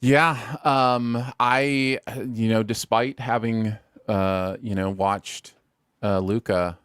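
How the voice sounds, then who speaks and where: A man hosting a casual chat, animated and full of fillers. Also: on the low side, slow, clear, resonant tone, no echo, studio quality. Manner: animated, hesitant, many fillers. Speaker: host.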